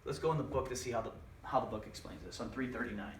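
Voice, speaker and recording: A man's voice: mid-range voice, fast talker, recorded from a distance, a little hiss or hum. A man teaching a Spanish lesson, explaining grammar patiently and repeating examples step by step. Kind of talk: recorded classroom lesson. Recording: echoey room, voice off-mic.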